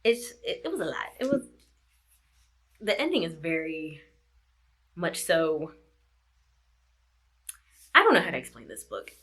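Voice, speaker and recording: A woman chatting casually about a book she just read, circling back to the same points and laughing as she goes. Her voice sits on the low side for a woman, yet it sounds bright and forceful. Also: very animated, unhurried, long pauses. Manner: chatty, repeats herself, laughs often. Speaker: book vlogger. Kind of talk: casual book review chat.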